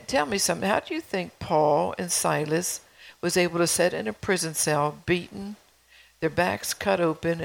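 A woman's voice: lowish voice, gravelly, poor audio. A woman preaching a sermon in a conversational way, reading scripture and telling stories from her own home life.

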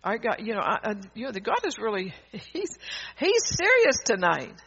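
A woman's voice: fairly high pitch, wildly swooping pitch, normal speed, fairly bright tone, breathy edge. A woman preacher giving a fervent, emphatic sermon, often laughing mid-sentence and restarting her sentences. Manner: rambling with frequent restarts. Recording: dull lo-fi recording.

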